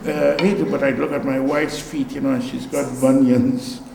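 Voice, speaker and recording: An older man from Guyana, an artist giving a relaxed gallery talk, musing and repeating phrases with animated exclamations. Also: mid-range voice, moderate pace, gravelly, echoey room, big-room sound, crowd noise, poor audio. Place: gallery room.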